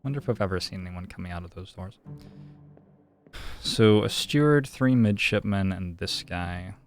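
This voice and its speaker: A man's voice: low-pitched, moderate pace, soft background music. A young man streaming a detective game, musing and thinking aloud in casual commentary.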